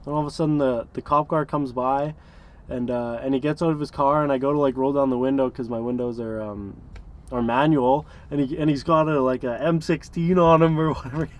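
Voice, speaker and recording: A man's voice: medium pitch, fairly even intonation, brisk. A man in his early twenties telling stories in a casual, rambling way, full of fillers and small chuckles. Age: 20s. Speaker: interviewee, van dweller. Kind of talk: casual storytelling.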